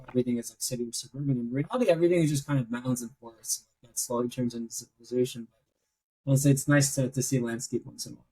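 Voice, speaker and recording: A man hosting a podcast, asking questions in a quick, easygoing, casual chat. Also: mid-range voice, warm tone, husky, low-quality recording. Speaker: podcast host.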